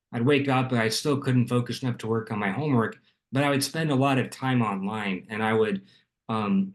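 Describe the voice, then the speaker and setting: A young man from Arizona, a music producer guest, explaining his background in a measured, steady way with frequent ums. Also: lowish voice. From Arizona, USA. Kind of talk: casual interview.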